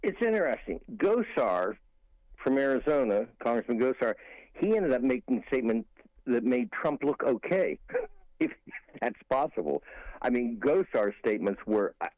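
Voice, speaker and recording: A man's voice: mid-range voice, big pitch swings, moderate pace, no room sound, highs cut off. A man guest on a talk radio show giving rambling political commentary with frequent restarts and emphatic asides.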